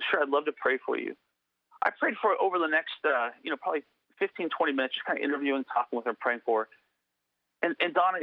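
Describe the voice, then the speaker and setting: A man's voice: on the high side, dry recording. A man, a guest in an interview, telling a story earnestly with many restarts and fillers. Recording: tinny phone line.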